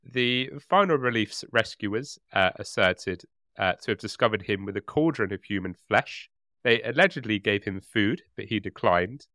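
A man's voice: lowish voice, lively intonation, normal speed, sharp tone, no room sound, clean studio sound. Giggly man telling a grim tale. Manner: reads quotes aloud, breaks into giggles. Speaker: podcast co-host and storyteller. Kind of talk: casual history podcast narration.

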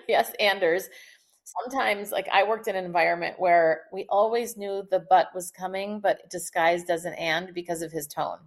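A woman communication expert, a podcast guest, who explains tips in a lively, chatty way and laughs often. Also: mid-range voice. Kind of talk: conversational podcast interview.

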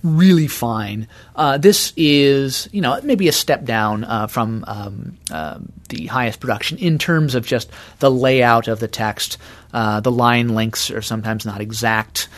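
Mid-pitched male scholar, hesitant and measured, heavy on fillers. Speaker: scholar guest. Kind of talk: interview explanation.

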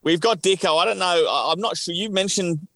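A man's voice: high-pitched, a little fast, creaky, sharp tone, no room sound. A man, a bit older than his co-host, chatting casually on a podcast and rambling with lots of "you know". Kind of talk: casual chat.

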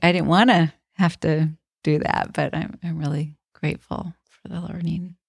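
A middle-aged woman with a slightly low voice and a touch of vocal fry talks earnestly and warmly about faith and family. Her voice is close and dry, with no room sound. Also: flat delivery, normal speed, dry recording. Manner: warm, earnest, affirming. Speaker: podcast co-host. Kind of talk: reflective Christian podcast conversation.

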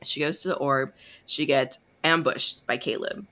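Woman, podcast co-host, casual chat, animated storytelling, bright tone. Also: very deep voice, measured pace. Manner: chatty, animated, acts out quoted lines. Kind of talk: casual chat recapping a novel.

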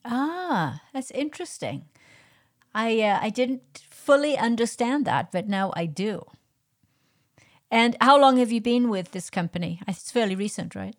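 A woman's voice: fairly high pitch, expressive, a little slow. A woman hosting an interview, asking curious questions with light humor. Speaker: podcast host. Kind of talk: interview conversation.

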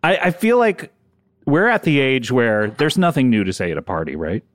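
A middle-aged man trading jokes on a comedy podcast, his voice swinging all over the place as he teases and laughs. His voice sits at a medium pitch and sounds close and dry. He keeps the banter light and mischievous. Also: big pitch swings, normal speed, no echo. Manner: playful, teasing, laughs often. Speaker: podcast co-host.

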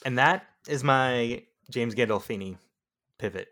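A man's voice: mid-range voice, measured pace, bright, forceful tone. A man co-hosting a film review podcast, chatting casually and teasing the others. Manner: playful, teasing. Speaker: podcast co-host. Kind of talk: casual chat.

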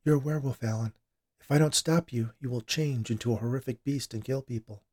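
A man voicing a calm, eerie female nurse who speaks matter-of-factly. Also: mid-range voice, brisk, pitched above the performer's own voice, close to an everyday voice.

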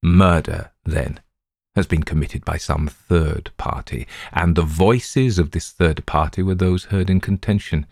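A methodical, unhurried detective, read by a man with a low, deep voice, laying out his deductions step by step. The sound is dry and close, with no room around it. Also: gravelly, darkish tone, dry recording, full character voice. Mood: calm. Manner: measured, deliberate reasoning. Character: calm, methodical male detective reasoning aloud. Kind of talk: audiobook reading.

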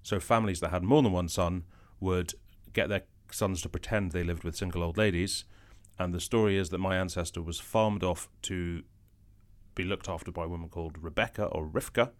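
A man from Scotland with a Scottish-tinged accent that drifts, talking casually as a guest with many quick restarts. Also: low-pitched. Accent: Scottish-tinged English, shifting. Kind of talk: casual conversation.

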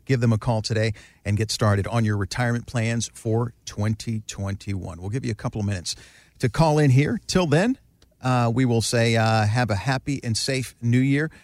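Dry-sounding radio co-host. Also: male voice, fairly low pitch, moderate pace, creaky, a little mellow, no echo. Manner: friendly sign-off with filler "uh"s. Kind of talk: radio show wrap-up.

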